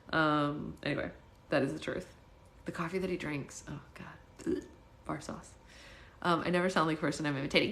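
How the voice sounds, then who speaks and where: A woman hosting a daily book-club livestream, chatting casually with viewers, laughing often and slipping into quick impressions. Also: deep voice, fairly even intonation, fairly bright tone. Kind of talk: casual live-stream chat and read-aloud. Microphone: phone.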